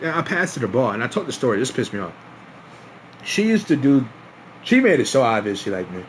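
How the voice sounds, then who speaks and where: A young man casually telling a story to his stream, swearing, laughing often and acting out quotes loudly. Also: mid-range voice, a little hiss or hum.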